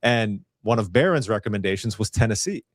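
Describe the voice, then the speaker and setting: A man's voice: fairly low pitch, animated, brisk, no room sound, studio quality. A man from Virginia hosting a podcast interview in a casual, chatty way, laughing often and restarting his sentences. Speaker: podcast host.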